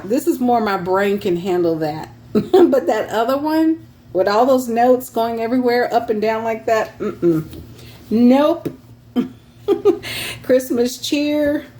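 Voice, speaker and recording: Woman, unhurried seller's chatter, light room hum behind, laughs between items. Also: on the high side, animated, dark tone. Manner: chatty, laughs often, reads titles aloud as she browses. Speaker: online craft seller. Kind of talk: casual show-and-tell sales vlog.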